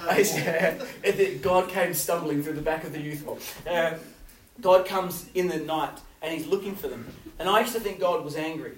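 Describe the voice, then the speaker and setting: A man preaching a youth sermon, telling stories with swings from loud to hushed. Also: on the high side, normal speed. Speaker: youth pastor. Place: youth hall. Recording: roomy hall, voice from far off.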